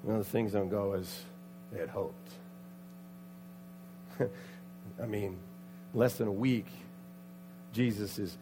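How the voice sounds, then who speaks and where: A man preaching a sermon, telling a Bible story with lively acted-out voices and sudden loud outbursts. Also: lowish voice, background noise. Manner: animated, acts out the characters' voices with loud outbursts. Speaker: pastor.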